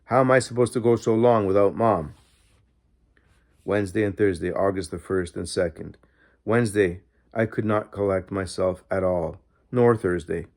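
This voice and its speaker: A man's voice: low voice, moderate pace, darkish tone. A man narrating a diary in the first person, reading steadily and earnestly as an audiobook narrator.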